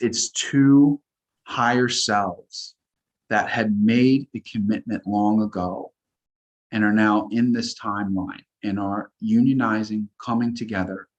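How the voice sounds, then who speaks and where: Slow, low-voiced earnest man. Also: darkish tone, poor audio. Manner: earnest, slow, repetitive affirmations. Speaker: guest. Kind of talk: spiritual talk show chat.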